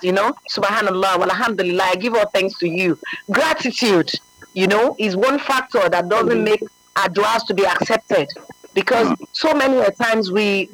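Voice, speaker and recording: Man, high pitched, dry close sound, earnest religious teaching, emphatic. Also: a bit bright, no room sound, low-quality recording. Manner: earnest, emphatic, often asks "you understand?". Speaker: religious speaker.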